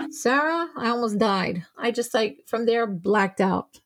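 A woman's voice: fairly high pitch, measured pace, hardly any pauses. A woman telling, through quoted dialogue, how she learned her daughter had been murdered. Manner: tells events by acting out quoted dialogue. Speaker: interviewee, mother of a murder victim. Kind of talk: emotional personal account.

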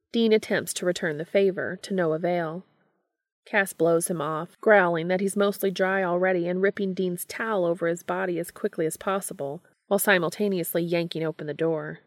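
A woman giving a steady, scripted narration of a romance story. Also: fairly low pitch, moderate pace, no room sound, studio quality.

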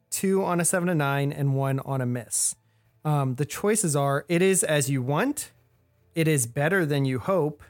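A young woman running a tabletop game, explaining rules and describing scenes in loose, casual speech full of "like" and "um". Her voice sits a little on the low side. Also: dry recording, clean studio sound. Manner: casual, filler-heavy explaining. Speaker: game master.

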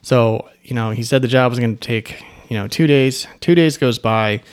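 A man's voice: medium pitch, moderate pace, clean tone. A man who owns an agency, telling a story in a casual, rambling way with asides and restarts. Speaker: agency owner.

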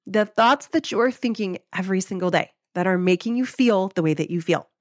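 A woman's voice: medium pitch, brisk, dry recording, studio quality. A young woman host giving a casual motivational talk, upbeat and chatty, with lots of "like" and easy laughs. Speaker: podcast host and life coach.

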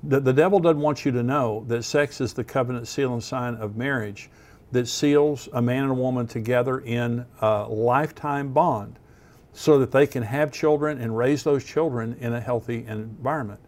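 A man's voice: medium pitch, normal speed, a little mellow. A man preaching as a pastor, giving earnest, plain-spoken teaching with some restarts. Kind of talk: sermon.

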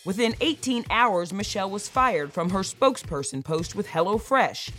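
A woman's voice: medium pitch, animated, normal speed, a bit bright, soft background music. A woman entertainment news anchor reading scripted stories with emphatic delivery.

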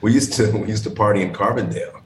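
A man from Indiana, a podcast guest, talking reflectively and haltingly from his living room over a video call. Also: on the low side, reverberant, a little hiss or hum, low-quality recording. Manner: reflective, hesitant, many restarts. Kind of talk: casual interview.

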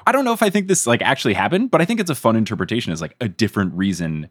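A man's voice: fairly low pitch, big pitch swings, racing, few pauses, breathy edge, dry recording, clean studio sound. A man hosting a podcast, upbeat and easygoing as he sets up the chat. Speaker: podcast host.

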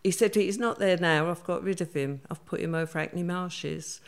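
Gravelly older woman telling stories. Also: fairly low pitch, normal speed. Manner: chatty, acts out quoted voices. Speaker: guest. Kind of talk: storytelling interview.

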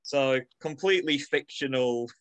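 A man's voice: mid-range voice, unhurried, a bit bright, no echo, low-quality recording. A man co-hosting a casual chat, reading passages from a book aloud and riffing on them wryly, with an accent close to Manchester. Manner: wry, reads aloud then riffs. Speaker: podcast co-host reading from a book.

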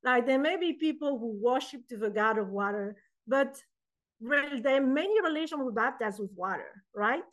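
Animated woman. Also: high voice, normal speed, poor audio. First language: French. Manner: animated, acts out quoted voices. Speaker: guest poet and author. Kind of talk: casual interview chat.

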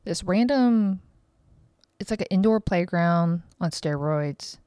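A woman in her thirties talks through her podcast in a loose, rambling way, frank and quick to swear. Her voice sits low and comes across smooth and clear. The sound is dry and close, with no room around it. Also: expressive, warm tone, dry recording. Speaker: podcast host. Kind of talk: casual monologue.

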